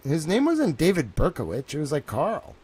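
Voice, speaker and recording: Young male streamer talking from home, rambling and worked up, a touch high-pitched. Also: normal speed, husky. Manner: excitable, repeats himself, says "bro" and "like" a lot. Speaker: live streamer. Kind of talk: rambling live stream monologue.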